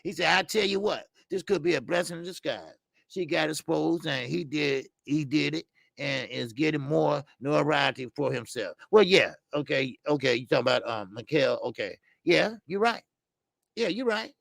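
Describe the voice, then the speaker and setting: Older male boxing host, gravelly, high-pitched, blunt and profane, rambling, dry close sound. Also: animated, moderate pace, fairly bright tone, no echo. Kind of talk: casual live-stream commentary.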